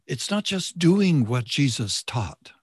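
A man preaches in short, measured phrases with pauses between them. His husky voice moves with lively rises and falls, and his delivery is unhurried. The sound is close and dry. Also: on the high side, no echo.

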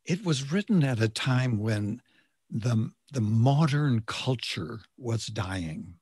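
A man preaching a sermon in short, measured phrases, pausing so an interpreter can follow. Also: medium pitch, expressive, darkish tone, breathy edge, no echo, clean studio sound.

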